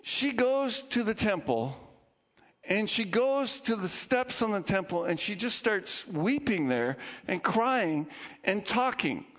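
A man pastor preaching a sermon, telling stories with animated quoted voices and small chuckles. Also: high-pitched, takes it slowly. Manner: storytelling with acted quotes and chuckles. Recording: dull lo-fi hall reverb.

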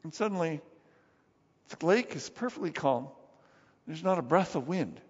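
A man with a high voice preaching a sermon in a church hall with long reverb. He is lively and talks casually, acting out the scenes he tells. The sound is dull. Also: normal speed, husky. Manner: animated, acts out Bible scenes. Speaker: pastor.

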